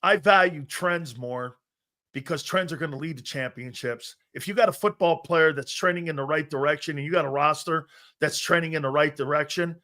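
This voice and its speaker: A middle-aged man hosting a sports talk show, telling loud, brash stories and acting out what coaches said. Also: on the high side. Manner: loud, brash storyteller who acts out quotes. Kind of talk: casual sports talk, storytelling.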